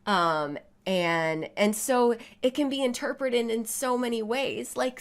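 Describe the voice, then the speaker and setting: A woman's voice: mid-range voice, a little slow, few pauses. A woman co-hosting a casual podcast about art, speaking in a reflective, earnest way. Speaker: podcast co-host, artist.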